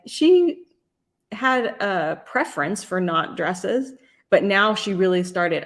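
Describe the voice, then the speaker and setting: Chatty woman hosting a live stream. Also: medium pitch. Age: middle-aged. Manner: chatty, rambling, frequent restarts. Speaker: host and life coach. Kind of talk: casual live-stream talk.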